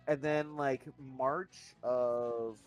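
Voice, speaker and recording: A man's voice: medium pitch, steady tone, very slow. Young man, podcast co-host, casual storytelling, rambling and profane, faint music behind. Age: young adult. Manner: rambling, swearing, mimics voices in quotes.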